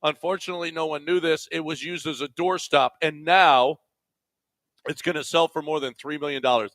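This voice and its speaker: A man's voice: on the high side, fairly even intonation, fairly quick, a bit bright, no echo. A man co-hosting a sports radio show in a studio, reading odd news items with wry, teasing banter. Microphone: studio microphone.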